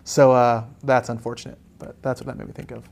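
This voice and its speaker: A young man hosting a live painting lesson, relaxed and joking with chatty asides. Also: mid-range voice, fast, vocal fry. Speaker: art instructor hosting a live painting stream. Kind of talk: casual live tutorial chat.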